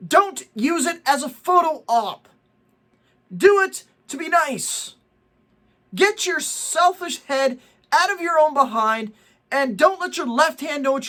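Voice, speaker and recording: A middle-aged vlog host with a very high-pitched, sharp voice rants indignantly about people lying for likes. His social media commentary preaches, broken up by jokey asides.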